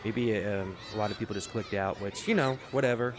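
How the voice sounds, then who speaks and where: A man's voice: fairly low pitch, fairly quick. A man ranting in a sarcastic, rambling comedic monologue, swearing often, in a casual vlog. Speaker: vlogger.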